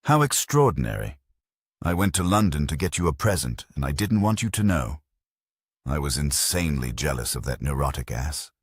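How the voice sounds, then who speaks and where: An earnest young husband speaks with worried affection, voiced by a male narrator. The voice is very deep and husky, and it is recorded dry. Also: very animated, moderate pace, dry recording, heavily acted. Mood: remorseful.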